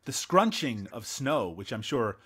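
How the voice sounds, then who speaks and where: A man's voice: mid-range voice, sing-song, a little slow, pushed and bright, breathy edge. A Canadian man hosting a casual movie review podcast, teasing his co-hosts and laughing often. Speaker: podcast host.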